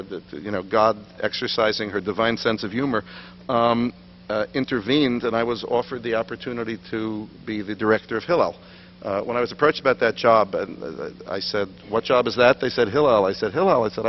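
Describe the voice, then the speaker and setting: A middle-aged man, giving a lecture full of anecdotes and self-deprecating humor in a synagogue hall. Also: lowish voice. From New York, USA. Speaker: guest lecturer. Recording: dull lo-fi recording with faint hum.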